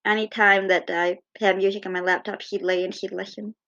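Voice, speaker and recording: A woman telling fond, gently humorous personal stories in a casual way. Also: mid-range voice, flat delivery, fairly quick, highs cut off. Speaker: cat owner.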